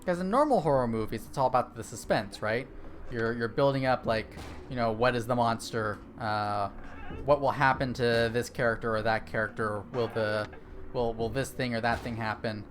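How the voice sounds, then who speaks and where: A man's voice: medium pitch, moderate pace, slight background noise. A young man chatting casually while streaming a horror game, rambling with lots of fillers and restarts. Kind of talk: casual gaming stream chat.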